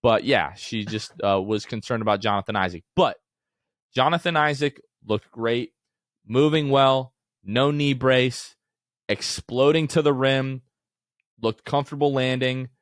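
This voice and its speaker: Excited man on a dry podcast mic. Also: mid-range voice, unhurried, dry recording. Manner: excited, animated storytelling. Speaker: podcast co-host. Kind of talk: casual sports podcast chat.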